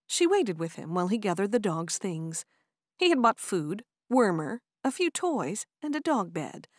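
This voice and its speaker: A woman narrating an audiobook in an expressive, animated storytelling manner. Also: mid-range voice, normal speed, no room sound, studio quality. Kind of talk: scripted narration.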